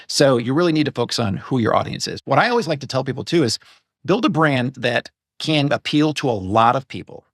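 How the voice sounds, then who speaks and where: Guy guesting on a biz podcast, chatty, wanders off topic, mid pitch, dry close mic. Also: expressive, a little fast, dry recording. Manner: talkative and digressive, with self-corrections. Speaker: podcast guest, e-commerce business owner. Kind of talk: casual interview chat.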